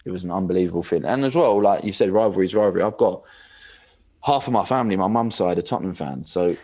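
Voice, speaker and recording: Young male guest, low voice, laid-back storyteller who keeps saying "like". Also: fast. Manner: relaxed, rambling, lots of "like". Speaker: podcast guest, footballer. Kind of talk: casual interview chat.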